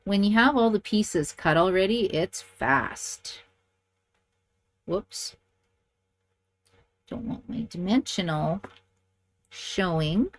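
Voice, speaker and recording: A woman's voice: medium pitch, animated, slow, pauses often. A middle-aged woman demonstrating card making, chatty and enthusiastic, thinking aloud as she works. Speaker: papercraft demonstrator. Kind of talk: casual crafting tutorial.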